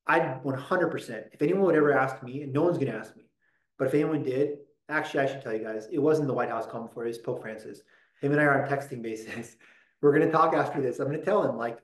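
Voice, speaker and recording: A man giving a casual lecture on a religious text, reading passages aloud and breaking into joking asides. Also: medium pitch. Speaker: Catholic lecturer. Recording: roomy echo.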